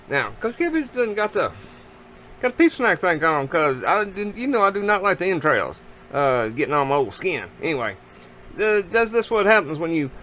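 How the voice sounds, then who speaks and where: A middle-aged man with a drawl rambles through a story in a folksy way, his fairly high voice leaping up and down. He talks to the camera outdoors by his grill, with faint outdoor ambience behind him. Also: a bit bright, slight background noise. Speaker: vlogger.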